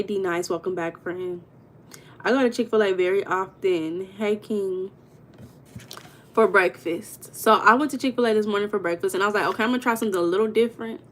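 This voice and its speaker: A young woman hosting a casual livestream, chatting with viewers, greeting them by name and telling stories with lively emphasis. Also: mid-range voice. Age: young adult. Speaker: livestream host.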